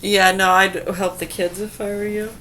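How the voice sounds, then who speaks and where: A woman talks straight to her audience in a casual vlog, telling a story. She is chatty and laughs often as she acts out the voices of the people in it. Her pitch sits in an ordinary middle range for a woman. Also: moderate pace, a little hiss or hum. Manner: chatty, laughing, animated retelling. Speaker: vlogger.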